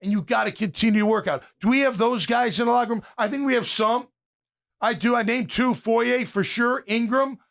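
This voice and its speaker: A man in his fifties with a high voice hosts a casual sports talk show. He rants in a fired-up way, often starting his sentences over as he goes. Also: fairly quick, gravelly, fairly bright tone. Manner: fired-up, ranting, with frequent restarts. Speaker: podcast host and former pro linebacker.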